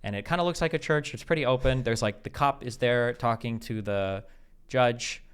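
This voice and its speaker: A man from Nebraska hosting a podcast, telling stories in an animated way and swearing freely. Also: medium pitch, normal speed, smooth. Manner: profane, animated storyteller. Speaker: podcast host. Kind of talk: casual podcast chat.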